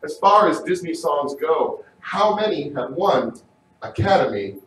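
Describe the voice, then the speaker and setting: A man hosting a live game show, energetic and often shouting, recorded from a distance in an echoey room. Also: a little high, unhurried, a little hiss or hum.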